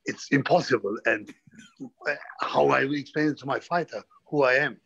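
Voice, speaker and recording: Male boxing manager, gravelly, dull lo-fi sound. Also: mid-range voice, a bit bright. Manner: halting, repeats words.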